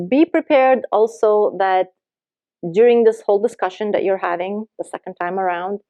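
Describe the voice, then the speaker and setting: A woman's voice: mid-range voice, dry recording, highs cut off. A woman life coach giving earnest, emphatic advice to camera, acting out the lines people say.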